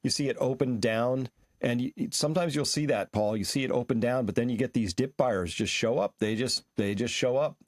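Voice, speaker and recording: A man walks through charts and market figures in an analytical, conversational way. His voice is at a middle pitch and the recording is dry and close, with no room echo. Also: fairly quick.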